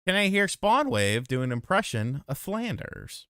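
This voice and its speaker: Stream host, man, very animated pitch, bright tone, dry close sound, reads donos and teases. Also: unhurried, smooth, dry recording. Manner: animated, teasing, swears freely. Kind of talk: casual livestream chat reading donations.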